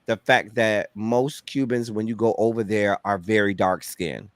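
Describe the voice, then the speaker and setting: A man from Miami, Florida, with a Miami accent speaks in a lowish, steady voice at normal speed on a dry recording. As a guest reviewer in a casual movie discussion, he is earnest and reflective and often restarts his sentences.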